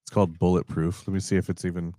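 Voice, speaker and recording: Man, very low voice, dry close sound, relaxed rambling podcast chat. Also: racing, no echo. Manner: relaxed, rambling, self-correcting. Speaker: podcast co-host. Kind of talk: casual chat.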